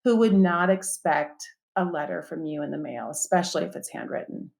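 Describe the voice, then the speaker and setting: A woman's voice: low-pitched, animated, a little fast, gravelly, a little mellow. A woman guest on a podcast, chatting casually and listing practical tips with lots of "um" and "you know". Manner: practical, upbeat, listing tips with many fillers. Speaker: guest author.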